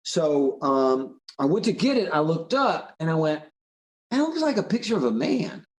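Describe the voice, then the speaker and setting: A man's voice: a little high, very animated, moderate pace, roomy sound, slight background noise. A man voicing an eager, clever little boy in a told story. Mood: explaining.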